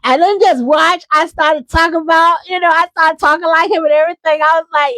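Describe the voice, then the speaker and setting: A woman's voice: extremely high pitch, steady tone, fairly quick, few pauses, sharp tone, dry recording. A woman hosting a casual live chat, talking in a chatty, emphatic way and often repeating herself. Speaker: host.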